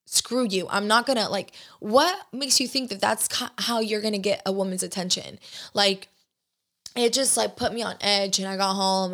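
A woman's voice: mid-range voice, a bit bright. Young woman podcaster, casual catch-up chat, rambling delivery with fillers and restarts. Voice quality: chatty, many fillers and restarts. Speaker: podcast host.

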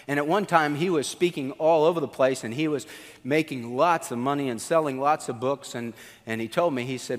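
A male pastor preaching a sermon in an animated, conversational storytelling manner. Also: mid-range voice, fairly quick. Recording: long hall reverb.

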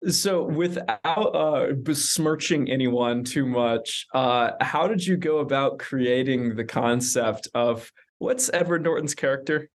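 A man interviewing a filmmaker, talking quickly and jokingly. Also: medium pitch. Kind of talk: interview questions.

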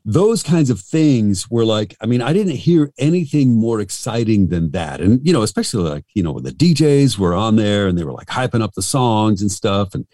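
A middle-aged man with a very low voice tells stories in a relaxed interview. His delivery swings up and down with lively pitch, and he rambles through his stories with a self-deprecating streak. The recording is dry and close to the mic. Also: normal speed, few pauses, dry recording. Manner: rambling, chatty, self-deprecating with many restarts. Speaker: radio host and voice actor. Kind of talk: casual interview storytelling.

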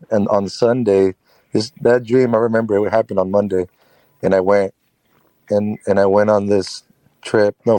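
A man's voice: lowish voice, dark tone, no echo. A man who runs a carpentry business, telling a personal story as an interview guest in a chatty, rambling way with frequent laughs.

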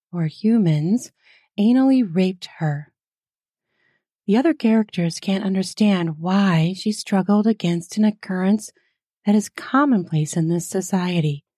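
A woman hosting a podcast, reading erotic fiction aloud in a slow, soft, intimate way. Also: mid-range voice, dry recording, studio quality.

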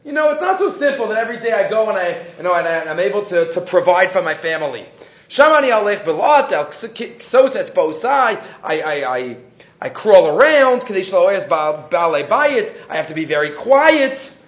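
Animated high-voiced man teaching Torah. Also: normal speed, echoey room, highs cut off. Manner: animated storytelling, mixing Hebrew and English, frequent restarts. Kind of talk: weekly Torah class.

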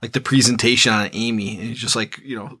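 A man's voice: mid-range voice, steady tone, quick pace, pushed and bright, slightly rough. A man co-hosting a casual movie podcast, laughing and swearing as he describes favorite scenes. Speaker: podcast co-host. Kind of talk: casual chat reviewing a movie.

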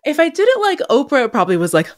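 A woman co-hosting a casual podcast, her pitch rising and falling a lot as she tells a story and breaks into laughter. Her voice sits a little high and sounds dry and close to the mic. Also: rapid-fire, no echo. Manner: animated storyteller who laughs often. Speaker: podcast co-host.

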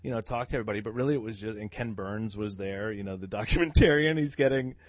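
A man telling stories in casual chat, animated and laughing, acting out the voices of people he quotes. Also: on the low side, quick pace, dry recording. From New England. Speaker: guest, event emcee. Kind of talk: casual storytelling.

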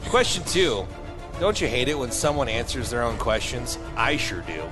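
A man co-hosting a casual quiz chat, playful and quick to laugh. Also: mid-range voice, sing-song, music in the background. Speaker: podcast co-host.

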